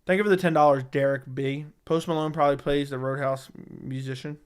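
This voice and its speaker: Smooth-voiced man reading chat on a livestream. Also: mid-range voice, fairly even intonation, brisk. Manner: blunt and profane, repeats himself. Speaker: MMA livestream host. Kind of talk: casual live-stream chat reading viewer comments. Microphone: studio dynamic microphone.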